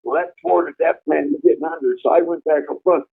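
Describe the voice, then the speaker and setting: Casual storyteller, male, raspy and fairly high-voiced, blunt and profane, phone-quality audio. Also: fairly even intonation, fast. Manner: vivid, blunt, heavy swearing. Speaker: storyteller recounting prison life. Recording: tinny phone-like line.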